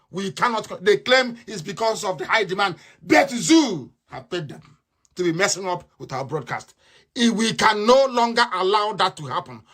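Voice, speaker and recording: A man's voice: very high voice, bright, forceful tone. A man giving a live radio broadcast monologue, fiery and scornful, repeating his points.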